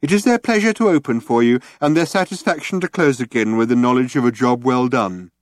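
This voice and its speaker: A man voicing a gloomy, depressed male robot in a low, hopeless drone. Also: fairly quick, no room sound, clean studio sound, lightly acted. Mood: mocking.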